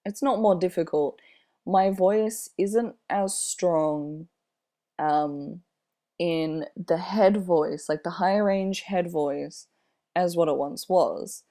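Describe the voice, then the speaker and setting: A young man in his twenties with a slightly airy voice, talking casually in a personal vlog, unhurried and rambling with many fillers. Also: high voice, dark tone. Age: 20s. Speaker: vlogger.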